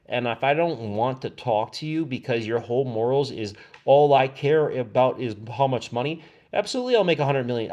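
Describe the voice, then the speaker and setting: A man's voice: on the high side, a little mellow, lo-fi sound. A man talking to his livestream audience in a rambling monologue, often restarting his sentences and sometimes getting worked up. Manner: agitated, repetitive, restarts often.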